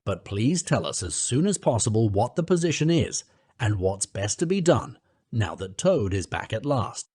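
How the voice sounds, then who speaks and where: A man's voice: on the low side, sing-song, normal speed, mellow, husky, no echo. A man voicing a sensible, thoughtful male water rat who reasons things out. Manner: reflective, reasoning.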